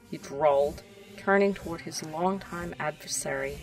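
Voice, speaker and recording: Soft-voiced woman reading a story, distant. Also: lowish voice, steady tone, a little slow, soft background music. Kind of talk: reading a fan story aloud.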